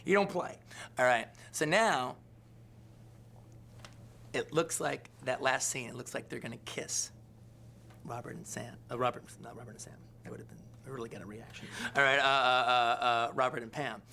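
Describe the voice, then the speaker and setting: Telling a rambling interview anecdote, a film director leans on fillers and asks "all right?" over and over. His mid-range male voice is steady and sharp with vocal fry, at normal speed, over a little hiss or hum.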